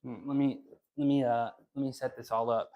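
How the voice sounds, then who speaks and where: A man's voice: medium pitch, little pitch movement, a little fast, lo-fi sound. A man casually coaching handstands during a live workout stream, rambling and repeating himself as he talks to chat. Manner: talks to chat while exercising. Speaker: fitness streamer.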